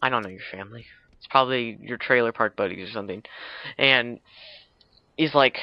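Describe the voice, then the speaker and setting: A man's voice: medium pitch, a little fast, pauses often, no room sound, highs cut off. A man casually retelling a film's plot for a video, rambling with lots of fillers and restarts, with teasing asides. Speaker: video blogger.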